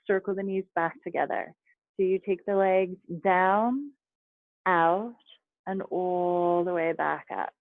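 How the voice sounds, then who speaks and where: A woman's voice: mid-range voice, dry recording. Woman yoga teacher on a tinny call. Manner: calm, chatty cues with laughs and asides. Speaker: yoga instructor. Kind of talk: guiding a yoga class over video call. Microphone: video call. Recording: dry, phone-like video call audio.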